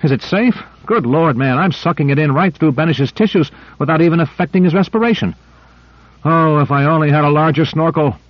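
A man voicing an excitable male scientist who talks with boyish eagerness, in an audiobook reading. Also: fairly high pitch, fast, no room sound, voice pushed up, close to an everyday voice. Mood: excited. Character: excitable male scientist running the air supply. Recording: dry, slightly dull lo-fi.

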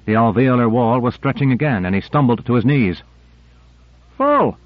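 A man's voice: medium pitch, dry recording. Man narrating over thin, dry tape. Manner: measured, even reading. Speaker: audiobook narrator. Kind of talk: scripted narration. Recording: narrow-band dry tape recording.

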